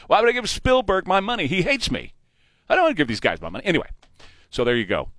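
A man's voice: sits high, wildly swooping pitch, fast, fairly bright tone, slight background noise. A man hosting a morning talk radio show, blunt and opinionated, speaking into a studio microphone. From Texas.

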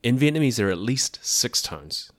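A man hosting a podcast, explaining a language in a clear, methodical way with dry asides. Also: mid-range voice, very animated, normal speed, no echo. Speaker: podcast host teaching about a language.

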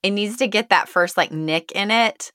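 Bright, dry-sounding female podcast host. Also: medium pitch, normal speed, dry recording. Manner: chatty, uses many fillers like "kinda" and "like". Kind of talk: casual chat.

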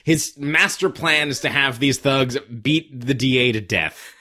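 A man's voice: mid-range voice, a little slow, sharp tone. A man co-hosting a movie podcast, chiming in with jokes, trivia and corrections. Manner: jokey, chimes in with trivia and corrections. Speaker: podcast co-host. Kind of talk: casual movie recap chat.

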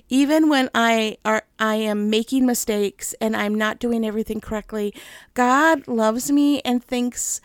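Female host, middle-aged, gravelly fry, dry close sound, chatty faith talk with easy laughs. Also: fairly high pitch, no room sound. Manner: chatty, gentle, with frequent laughs.

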